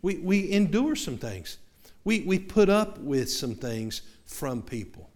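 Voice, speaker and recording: A man with a Southern accent delivers a sermon in a slightly high voice. He talks to his congregation conversationally, stumbling over repeated words and tossing in asides. He preaches from a church. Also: big pitch swings, slow, a little mellow. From American South. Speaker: pastor.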